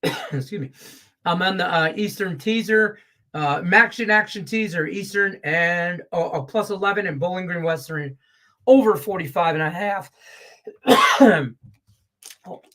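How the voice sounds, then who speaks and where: A man's voice: sits high, measured pace, pauses often, sharp tone. A middle-aged man, a sports betting handicapper, talking bluntly and profanely in a rambling, casual way on a picks show.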